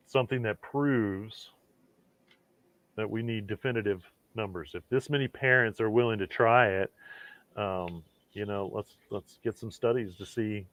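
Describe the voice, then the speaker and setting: A man's voice: lowish voice, no room sound. A man hosting a casual talk show, rambling along with lots of fillers and restarts. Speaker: host of a hemp talk show. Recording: tinny phone-like dry sound.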